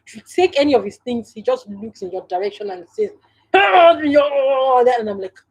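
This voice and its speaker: A woman's voice: medium pitch, quick pace, mellow, breathy edge, rough recording. A woman with a Nigerian English accent hosting a casual live stream from home, chatting directly to viewers and laughing often.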